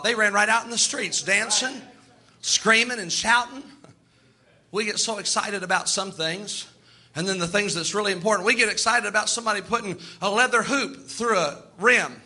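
A man preaching a sermon in a folksy, animated way, slipping into quoted asides. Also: sits high, normal speed, slightly rough.

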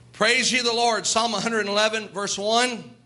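A male pastor delivering a fervent sermon in a strikingly high, ringing voice. His tone is sharp and bright, and he moves in a rhythmic cadence between scripture readings and exhortation. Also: fairly even intonation, measured pace.

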